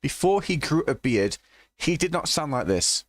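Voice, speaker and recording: A man's voice: on the high side, very animated, normal speed, no room sound. A man giving sweary, mocking reaction commentary on a cheap microphone. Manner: sweary, mocking, laughs often. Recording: dry cheap home mic.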